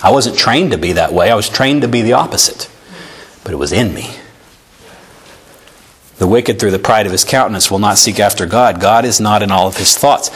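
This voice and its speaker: A man's voice: fairly low pitch, normal speed, pauses often, slightly rough. Man preaching an earnest sermon. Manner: earnest preaching, animated, reads scripture aloud. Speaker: pastor. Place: church sanctuary.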